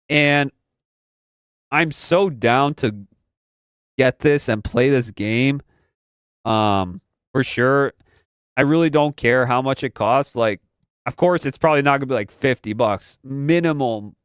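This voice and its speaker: A man's voice: medium pitch, smooth, no echo, studio quality. A young man hosting a live stream, chatting casually about games and movies, rambling and repeating himself in slangy talk. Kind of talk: casual pop-culture commentary.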